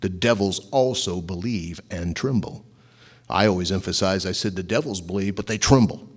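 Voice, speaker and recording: Husky, low-voiced middle-aged pastor; conversational sermon, rhetorical questions. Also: male voice, moderate pace.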